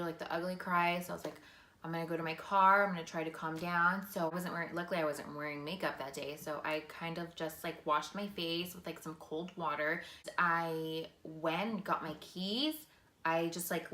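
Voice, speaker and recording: A woman's voice: lowish voice, sharp tone, reverberant. A woman vlogger telling a personal story in a casual, earnest way, full of "like" and "you know". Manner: casual, filler-heavy, earnest.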